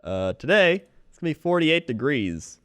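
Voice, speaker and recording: A man's voice: a little high, sing-song, normal speed, a bit bright, smooth, dry recording, studio quality. Goofy mock-serious young male podcaster. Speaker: podcast co-host. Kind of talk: casual comedy chat.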